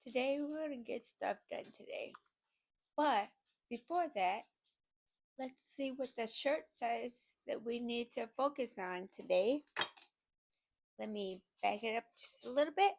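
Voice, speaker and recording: A woman's voice: fairly high pitch, lively intonation, measured pace, gravelly. A woman vlogger chatting casually and giddily to her viewers about her crochet projects, rambling from one thought to the next. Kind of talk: casual chat to camera. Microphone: desk microphone.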